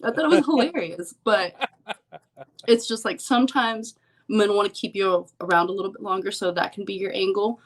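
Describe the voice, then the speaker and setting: A woman's voice: mid-range voice, moderate pace. A young woman, a professional poker player, chatting as an interview guest and telling stories with lots of "like" and "um". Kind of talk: casual interview chat.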